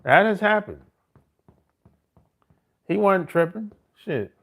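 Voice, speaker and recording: A man's voice: high voice, lively intonation, slow, vocal fry, a bit bright. A middle-aged man, telling stories in a casual, boastful and profane monologue full of slang. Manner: profane, slangy street talk with frequent "man" and "bro"; boastful, swaggering. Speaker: host.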